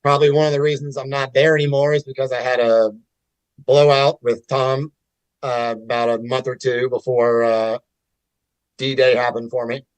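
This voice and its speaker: A man's voice: medium pitch, flat delivery, normal speed, dry recording, poor audio. A man in casual podcast conversation, talking candidly with restarts and swearing. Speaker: podcast guest. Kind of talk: casual chat.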